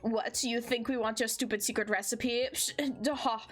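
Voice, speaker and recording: A woman's voice: a little high, fairly even intonation, moderate pace, faint music behind, natural voice. A woman voicing a cocky young male student in a dating game who talks in a slangy, mocking way.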